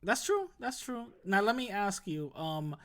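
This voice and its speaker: A loose, chatty podcast host asking questions in an easygoing interview. Their talk is full of quick yeahs, uh-huhs and short laughs, with a voice of middle pitch. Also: expressive, fairly bright tone. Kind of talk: casual interview chat.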